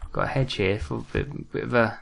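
A man's voice: mid-range voice, fairly even intonation, a little fast, vocal fry. A British man commentating his own game play, jumpy and muttering to himself with self-mocking asides. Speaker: gaming commentator.

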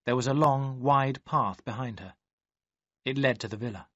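A man reading a story aloud in measured, even storytelling narration. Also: mid-range voice, no room sound. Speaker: audiobook narrator. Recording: dry, slightly dull audio.

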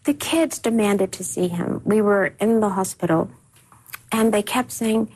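A woman being interviewed on TV, recalling personal events in halting speech full of repeated words and restarts. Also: medium pitch, a little mellow, husky, poor audio. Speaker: interview guest. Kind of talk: emotional personal recollection in a TV interview.

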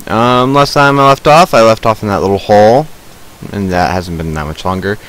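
In a rough recording, a man with a low-leaning, fairly bright voice offers laid-back commentary on a survival game. He speaks to his viewers slowly and meanders, filling his talk with fillers.

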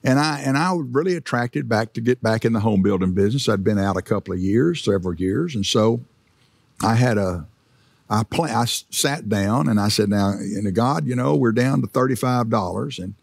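A man's voice: fairly low pitch, moderate pace, gravelly, husky, no room sound. A middle-aged male pastor giving a sermon in a church, in a conversational preaching style with frequent fillers and restarts.

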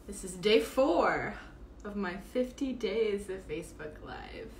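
A woman's voice: medium pitch, expressive, slow pace, slight background noise. Tired lady talking into her phone at home, rambly, lots of um and like, echoey room. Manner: chatty, rambling, many fillers. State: exhausted. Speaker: podcast host doing a live stream. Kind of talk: casual live-stream monologue. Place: at home, indoors. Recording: roomy echo, faint background ambience.

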